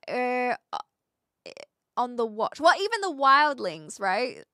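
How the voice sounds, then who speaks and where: A woman's voice: on the high side, expressive, takes it slowly, pushed and bright, clean tone, dry recording, clean studio sound. A woman streamer chatting casually with viewers, rambling and correcting herself with lots of fillers. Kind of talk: casual chat answering viewers.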